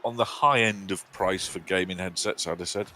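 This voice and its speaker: A man's voice: low voice, steady tone, moderate pace, bright, forceful tone. A man co-hosting a live game stream, chatting casually with a teasing, rambling manner and mock outrage. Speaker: co-host.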